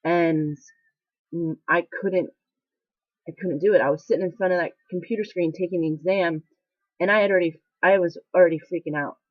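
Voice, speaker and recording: A woman's voice: lowish voice, fairly even intonation, a little fast, no room sound. A young woman in military training, talking candidly in a casual confessional vlog, rambling and emotional with many fillers. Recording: dry, slightly dull lo-fi sound.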